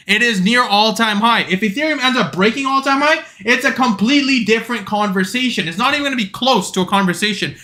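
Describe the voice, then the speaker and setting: Blunt, bright-voiced man lecturing his stream. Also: high-pitched. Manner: blunt, lecturing, swears freely. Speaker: crypto trading streamer. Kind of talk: live stream talk to chat.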